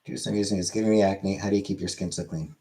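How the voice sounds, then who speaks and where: A man with a somewhat low-pitched voice talks casually to his livestream chat. He speaks in a laid-back, halting way, often repeating himself as he answers messages. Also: fairly even intonation, gravelly, mellow. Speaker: livestream host. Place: small room lit by many studio lights.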